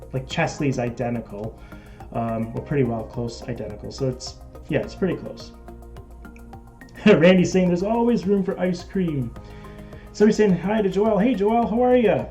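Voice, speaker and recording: A man's voice: medium pitch, dark tone. A man with a Canadian accent hosting a casual live stream, chatting and reading out viewer comments. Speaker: model railroad live-stream host.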